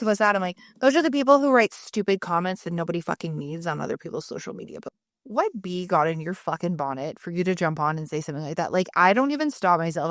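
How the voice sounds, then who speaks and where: Recorded in a clean studio with no room sound, this low-voiced woman in her thirties co-hosts a casual podcast. A mother, she tells lively stories, cursing freely and performing other people's lines.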